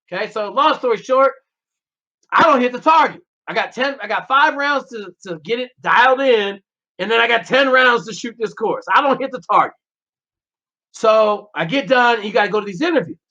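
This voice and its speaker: Very high-pitched, bright and forceful at a normal speed, this ex-Navy SEAL narrates a tale on a podcast with blunt profanity, voicing each character's lines. The storytelling interview is casual, and the sound is lo-fi and a bit dull.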